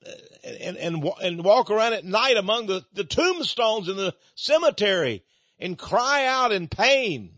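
A man's voice: high-pitched, sing-song, measured pace, sharp tone, no room sound. A man preaching a storytelling sermon about his ministry, repeating and restarting words as he talks, in a dull lo-fi recording.

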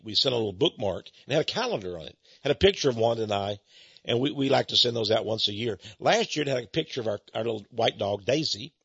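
Gravelly folksy radio host. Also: male voice, lowish voice, sharp tone, no echo, lo-fi sound. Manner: chuckling, teasing, folksy storyteller. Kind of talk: folksy rambling radio talk.

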